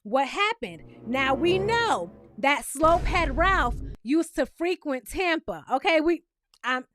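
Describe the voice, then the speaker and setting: A woman's voice: high-pitched, expressive, takes it slowly. A woman with a New York accent who is from Brooklyn, recapping a reality show in a sassy, chatty way and often asking the viewer "okay?".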